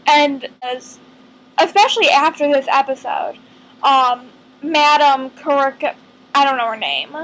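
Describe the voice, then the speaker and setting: A woman talks to her camera in an unhurried, meandering way, working out her thoughts as she goes. Her voice sits high, and she takes her time, pausing often between ideas. She sounds earnest throughout. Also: expressive, a bit bright, slight background noise, poor audio. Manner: earnest, rambling, thinks aloud with many pauses. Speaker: vlogger. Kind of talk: casual fan chat to camera.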